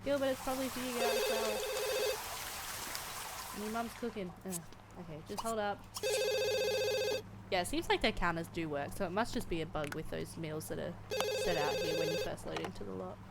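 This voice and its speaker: A woman's voice: medium pitch, brisk, creaky, long pauses, very noisy. A woman giving casual, giggly let's-play commentary, thinking aloud as she goes. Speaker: gameplay commentator.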